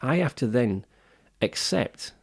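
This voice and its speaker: A gravelly-voiced man in his fifties makes his points on a wellbeing podcast. His pitch sits mid-range for a man, and he talks earnestly and opinionatedly, often restarting his sentences. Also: animated, slow. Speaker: podcast co-host. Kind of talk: casual podcast discussion.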